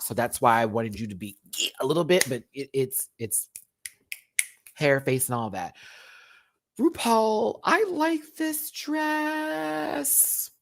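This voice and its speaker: Animated, chatty man ranting. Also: mid-range voice. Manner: animated and chatty, swings between loud outbursts and muttered asides. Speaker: YouTube reality TV reviewer. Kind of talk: casual live-stream rant.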